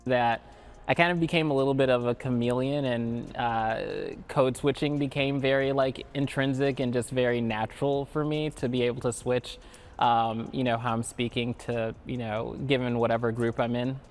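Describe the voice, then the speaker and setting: A man's voice: mid-range voice, steady tone, normal speed, faint music behind. A man in a panel discussion, talking reflectively and hesitantly with many fillers. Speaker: panel participant. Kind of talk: reflective casual talk.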